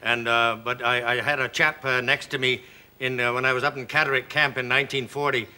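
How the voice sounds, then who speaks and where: A man's voice: medium pitch, flat delivery, brisk, bright, forceful tone. A Canadian man in his sixties with an Aberdeen Scottish accent, chatting good-humouredly as a talk show guest in a studio, rambling with many hesitant fillers. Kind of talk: casual chat show interview. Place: television studio with audience.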